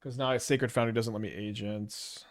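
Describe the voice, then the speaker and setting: A man's voice: fairly low pitch, fairly even intonation, moderate pace. A man with a Canadian accent giving casual, rambling game commentary, thinking aloud with hesitant restarts. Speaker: gameplay commentator.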